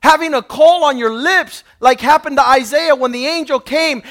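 A man's voice: very high-pitched, moderate pace, hardly any pauses, fairly bright tone. A man preaching a fervent sermon, reading scripture and pressing each point with rising emphasis.

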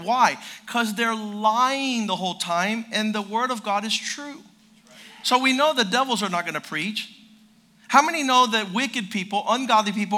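Male pastor, high bright voice, emphatic repeating sermon delivery. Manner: drops to a quiet storytelling voice.

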